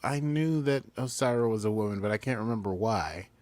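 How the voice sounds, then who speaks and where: A man's voice: on the low side, animated, a little fast, a little mellow. A man co-hosting a podcast, chatting casually as he recaps a story and mimics the characters. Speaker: podcast co-host.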